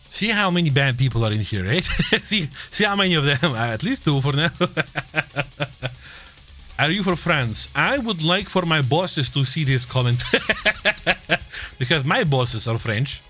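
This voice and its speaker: A man's voice: fairly high pitch, animated, measured pace, pauses often, sharp tone, soft background music. A man with a Russian accent giving casual, joking live esports commentary and chatting with viewers, laughing often. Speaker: esports caster.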